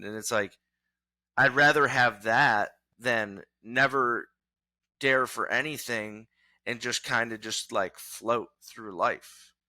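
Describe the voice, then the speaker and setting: A man's voice: medium pitch, sharp tone, no room sound. A young man talking as a podcast guest, fired-up and profane, rambling through his thoughts with many restarts. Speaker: podcast guest, former college wrestler. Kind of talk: casual interview talk.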